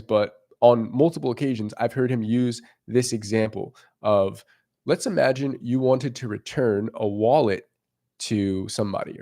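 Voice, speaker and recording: Animated young man coaching on dating. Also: mid-range voice. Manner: animated, acts out quoted lines, swears casually. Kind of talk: casual coaching monologue.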